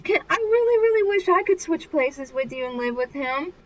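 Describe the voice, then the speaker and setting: A woman's voice: extremely high pitch, expressive, moderate pace, far from the mic, highs cut off, voice pushed up. Woman doing squealing starstruck schoolgirls. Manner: squealing, breathless gushing. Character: gushing teenage schoolgirls, starstruck and excitable.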